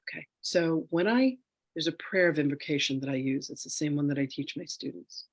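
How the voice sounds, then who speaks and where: A man leading a spiritual reading in a relaxed, chatty way with a bit of self-joking. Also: a little high, fairly quick, no echo. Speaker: spiritual teacher doing a reading. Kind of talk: casual spiritual session.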